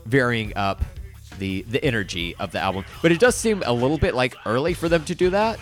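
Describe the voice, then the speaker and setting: Speaking a little fast in an expressive mid-range voice, a man co-hosts a podcast and casually discusses an album. His talk rambles with frequent fillers and restarts, over faint background music.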